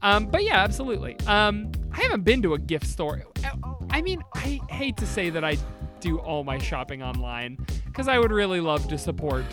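Excitable guy rambling on a comedy podcast, swears a lot, voice bouncing up and down, music behind him. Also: high voice, moderate pace. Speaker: podcast co-host. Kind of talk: comedic casual chat.

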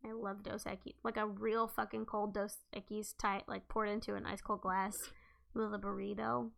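A woman in her thirties, co-hosting a podcast in casual chat, loud and laughing and swearing freely. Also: mid-range voice, little pitch movement, moderate pace, creaky. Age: 30s. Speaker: podcast co-host.

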